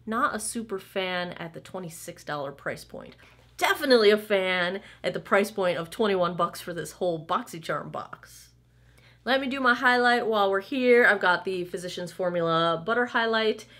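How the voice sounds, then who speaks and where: A woman's voice: medium pitch, lively intonation, normal speed, a bit bright. A woman in her thirties chatting casually through a makeup try-on, candid and playful with asides. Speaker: beauty vlogger.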